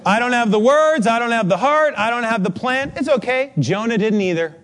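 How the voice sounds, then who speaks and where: A man pastor delivering a chatty, animated sermon in church, telling stories with casual fillers. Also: extremely high pitch, fairly quick.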